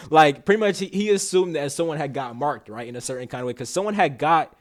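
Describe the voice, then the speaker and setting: A man's voice: on the high side, animated, fast talker. A young man hosting a podcast, telling a story in a slangy, rambling, casual way with many restarts and curses. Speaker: podcast host.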